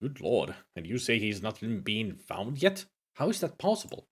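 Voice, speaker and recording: A man voicing a polite, concerned male doctor in a put-on Scottish accent, with a slow, deliberate delivery. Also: on the low side, very animated, breathy edge.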